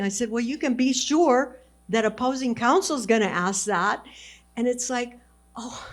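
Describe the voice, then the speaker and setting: Earnest older woman from Texas. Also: medium pitch. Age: 70s. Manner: earnest, encouraging, storytelling. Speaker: alumna guest speaker. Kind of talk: fireside chat with students.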